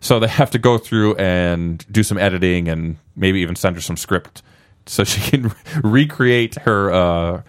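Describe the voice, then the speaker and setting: A man's voice: deep voice, measured pace, clear, resonant tone. A man co-hosting a casual podcast, rambling and laughing at his own jokes. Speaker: podcast co-host.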